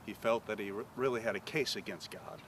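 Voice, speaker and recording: A pastor telling a story outdoors, acting out the voices of the people in it. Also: male voice, on the low side, a little fast, slight background noise. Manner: animated storyteller acting out quoted dialogue. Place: outdoors on a paved property.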